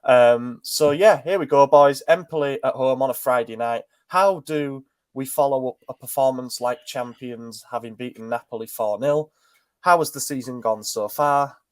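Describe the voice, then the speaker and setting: A man's voice: mid-range voice, dry recording. A man hosting a casual football podcast, congested and bunged up, upbeat with filler ums. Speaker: podcast host.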